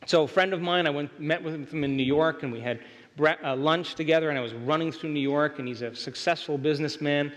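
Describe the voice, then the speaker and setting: A man's voice: on the high side, a little fast. Emphatic man lecturing in a reverberant hall. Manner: emphatic, keeps checking in with the audience. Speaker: workshop speaker. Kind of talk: motivational lecture to a live audience.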